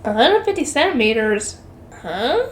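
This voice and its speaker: Woman reading a novel out loud, kinda high voice, chatty side comments, echoey room. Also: big pitch swings, unhurried. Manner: chatty asides, swears, laughs at herself. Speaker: channel host reading a novel aloud. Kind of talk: reading a light novel aloud with casual commentary. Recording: roomy echo.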